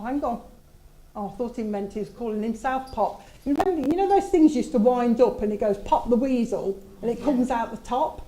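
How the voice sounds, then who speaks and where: Chatty woman medium, mellow voice. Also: on the high side, poor audio. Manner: chatty, relaying messages with asides. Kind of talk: mediumship demonstration at a service.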